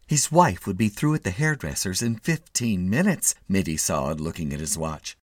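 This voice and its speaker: A man reads a short story aloud in a low, expressive voice with lively rises and falls. The sound is dry and close, with faint music underneath. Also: no room sound. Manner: expressive, measured. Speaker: narrator. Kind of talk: storybook reading.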